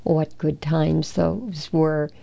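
A woman reading a children's storybook aloud in an unhurried, careful way. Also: deep voice, steady tone, gravelly, warm tone. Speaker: storybook reader.

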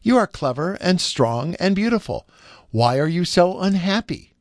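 Man voicing a gentle, kind young woman. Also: sits high, sing-song, normal speed, no echo, studio quality, pitched above the performer's own voice. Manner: gentle, soft-spoken.

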